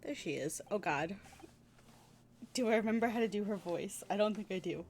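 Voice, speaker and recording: A woman's voice: mid-range voice, normal speed, a little mellow, a little hiss or hum. A woman streamer casually chatting and giggling while playing through a game, thinking aloud as she goes.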